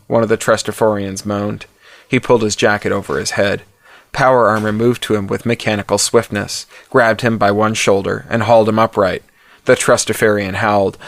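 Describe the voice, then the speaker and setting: A man narrating a first-person story in a steady, wry reading. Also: on the low side, moderate pace, gravelly, dry recording. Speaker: audiobook narrator.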